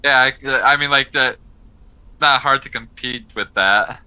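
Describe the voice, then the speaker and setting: An easygoing young man co-hosting a casual podcast, mostly agreeing and laughing along. His voice is very bright and sharp-edged, with a smooth, clean tone at an ordinary pitch. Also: measured pace, dull audio. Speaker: podcast co-host. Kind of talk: casual chat while gaming.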